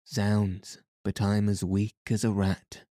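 A man's voice: on the low side, flat delivery, slow, mellow, dry recording, clean studio sound. A man voicing a foppish aristocratic husband with a sleepy, affected drawl, in a storybook reading.

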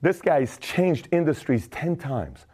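A man's voice: on the high side, sing-song, takes it slowly, dark tone, breathy edge. A man hosting a podcast, giving a casual, emphatic motivational talk in plain words, often acting out other people's voices. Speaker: podcast host.

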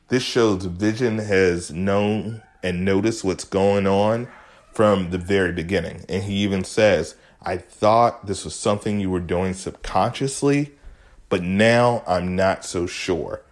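A man's voice: low-pitched, a little slow. A man hosting a show, casually recapping a TV episode with enthusiasm and retelling scenes in his own words. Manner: enthusiastic, chatty, retells scenes with quoted lines.

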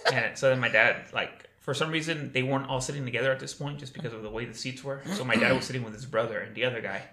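A man's voice: mid-range voice, fast talker, few pauses, pushed and bright. A man, telling a rambling, profane story in casual podcast chat. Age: 30s. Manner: loose, profane, rambling with lots of "like" and "dude". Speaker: podcast guest. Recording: roomy echo.

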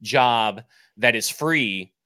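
Blunt bright-voiced man breaking down numbers. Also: medium pitch, extremely slow, no room sound, clean studio sound. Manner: blunt, numbers-heavy explaining. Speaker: podcast guest analyst. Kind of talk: casual sports talk.

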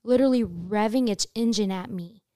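A young woman hosting a casual chat, telling a story in an animated way, swearing freely and jumping high in pitch when she acts out her screams. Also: moderate pace, no room sound, clean studio sound. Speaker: podcast host telling a story.

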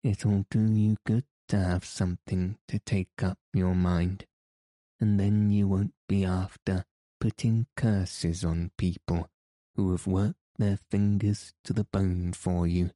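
A man's voice: low voice, flat delivery, takes it slowly, dark tone, dry recording. A man reading the part of a blunt, nagging woman housekeeper who scolds in an audiobook. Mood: scolding.

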